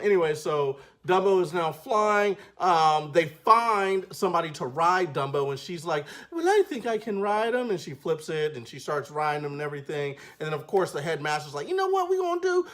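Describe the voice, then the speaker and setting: A man reviews a film in a loose, slangy chat. His slightly high voice bounces up and down a lot as he talks. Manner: animated, slangy, acts out scenes in voices. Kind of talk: casual video review.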